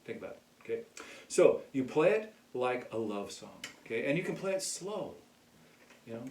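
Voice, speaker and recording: Relaxed man teaching music, echoey room. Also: medium pitch, normal speed. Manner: relaxed, keeps checking in with "okay?". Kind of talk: casual music lesson. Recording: echoey room, mic far off.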